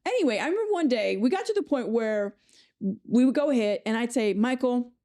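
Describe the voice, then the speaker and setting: A woman host tells an anecdote in a chatty, enthusiastic way, full of quick asides. Her voice is a bit high and mellow. The sound is dry and close. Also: lively intonation, no echo. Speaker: podcast host. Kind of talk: casual conversational storytelling.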